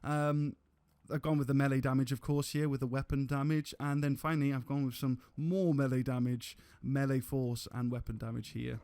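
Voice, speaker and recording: A man's voice: mid-range voice, little pitch movement, moderate pace, few pauses, a little mellow, dry recording. A man giving casual gameplay commentary on a live stream, rambling with restarts and casual swearing.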